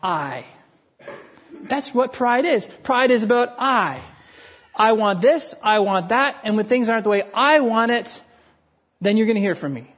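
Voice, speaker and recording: A man's voice: sits high, expressive, measured pace, fairly bright tone. A man preaching a sermon in an earnest way, often repeating words for emphasis. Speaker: pastor.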